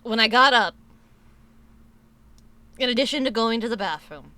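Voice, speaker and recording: A woman's voice: a little high, moderate pace, bright, forceful tone, no echo. A woman streamer chatting casually with her viewers, swearing a lot and restarting sentences as she rambles about a sore tooth. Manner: profane, rambling, many restarts. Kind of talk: casual live-stream chat.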